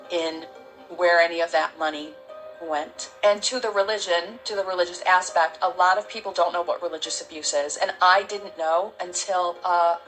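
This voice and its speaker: A woman's voice: fairly low pitch, fairly bright tone, poor audio. Woman telling her story, faint music. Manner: halting, heartfelt storytelling with many restarts. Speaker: interview guest. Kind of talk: personal testimony.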